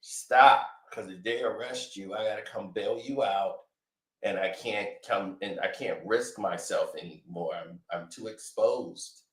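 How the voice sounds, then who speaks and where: Man doing a quiet, evasive rapper impression, deeper than his own voice, with room echo. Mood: pleading. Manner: low, subdued, measured. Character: impression of a famous male rapper, calm, evasive, soft-spoken. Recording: echoey room.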